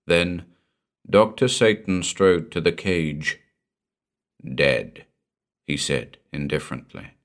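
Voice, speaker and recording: Slow, deep-voiced male storyteller. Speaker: audiobook narrator. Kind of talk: dramatic audiobook narration.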